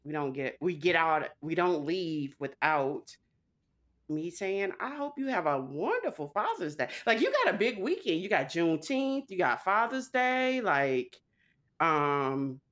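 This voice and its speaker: A woman's voice: lowish voice, very animated, measured pace, a bit bright. A woman co-hosting a podcast in casual chat, playful and laughing often. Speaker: podcast co-host.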